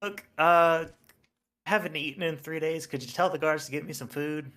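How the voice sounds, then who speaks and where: A man's voice: fairly high pitch, moderate pace, a bit bright, voice pushed up, close to an everyday voice. A man doing a hungry prisoner pleading. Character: hungry male prisoner begging for food.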